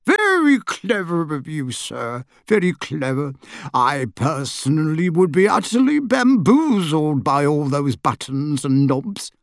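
A man voicing an excitable, overly polite small older wizard with a squeaky voice. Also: a little slow, gravelly, no room sound, studio quality, heavily acted. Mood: excited, polite.

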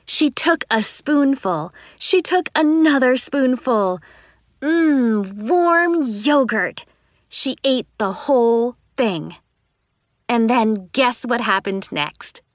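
A woman reading a first-person children's story aloud, expressive and playful. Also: a little high, dry recording, studio quality. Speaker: narrator.

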